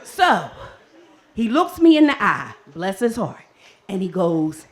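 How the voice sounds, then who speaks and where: Animated woman telling a comic story. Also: medium pitch, slow. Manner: animated and comic, acts out her own panicked voice. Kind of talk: live storytelling performance. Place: stage before a live audience.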